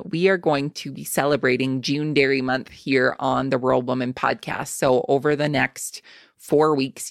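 A woman's voice: extremely low pitch, vocal fry, no room sound, studio quality. A woman hosting a podcast, chatting casually and speaking straight to her listeners in an upbeat way. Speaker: podcast host. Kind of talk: casual podcast interview and sign-off.

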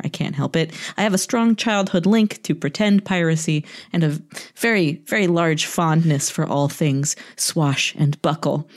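Playful woman co-host, casual chat, a bit low in pitch. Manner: playful, laughing often. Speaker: podcast co-host.

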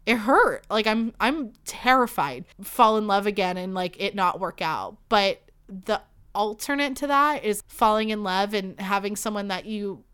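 A woman's voice: medium pitch, measured pace, fairly bright tone, smooth. A young woman hosting a podcast, talking candidly about a breakup, close to tears, swearing, filling her talk with likes and you knows. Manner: emotional, swearing, many fillers. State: holding back tears. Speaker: podcast host. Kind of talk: candid personal monologue.

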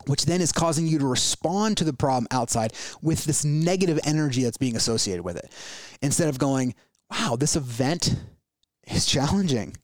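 A man's voice: on the high side, lively intonation, normal speed, no room sound. A man hosting a podcast in casual motivational talk, earnest and repetitive, acting out worried inner voices in quoted asides. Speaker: podcast host.

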